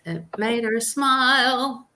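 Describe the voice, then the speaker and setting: Bright-voiced woman chatting casually. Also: fairly high pitch, slow, a little hiss or hum. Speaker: guest on livestream. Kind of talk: casual chat.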